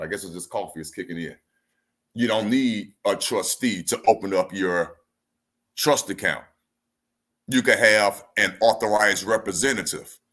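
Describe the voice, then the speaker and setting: Male livestream educator: bright, punchy tone, slangy and animated, hammers key points home. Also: on the low side. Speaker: financial educator hosting a livestream. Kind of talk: casual livestream teaching.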